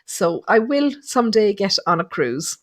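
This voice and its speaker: A woman's voice: medium pitch, big pitch swings, moderate pace. A middle-aged woman hosting a live online show, chatty and laughing often. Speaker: host, medium.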